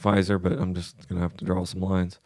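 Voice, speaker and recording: Male co-host, very deep voice, hoarse from a cold, laid-back, dry close sound. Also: monotone, a little fast, a little mellow, dry recording. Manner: laid-back, clears throat often. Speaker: co-host of a trading live stream. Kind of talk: casual live-stream chat.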